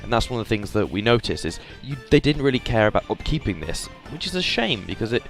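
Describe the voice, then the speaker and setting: A young man from England narrates his photos in a chatty voice-over, pausing on fillers as he goes. His voice sits a little low, and faint music plays under it. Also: sing-song. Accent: English. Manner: chatty, hesitant, lots of fillers. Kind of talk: casual voice-over commentary.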